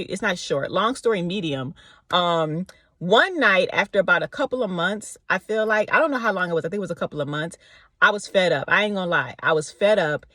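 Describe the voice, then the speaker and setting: A woman telling a casual faith storytime in an animated way, acting out the people she quotes with slangy asides. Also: fairly low pitch, no echo, clean studio sound. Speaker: faith vlogger.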